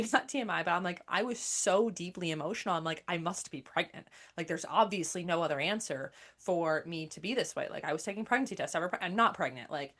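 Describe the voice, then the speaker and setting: A middle-aged woman with a somewhat low voice speaks openly about her own life as a spiritual teacher. Her talk rambles and restarts, thick with fillers, in an emotional, confessional way. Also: a bit bright. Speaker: spiritual teacher and single mother. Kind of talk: candid personal talk.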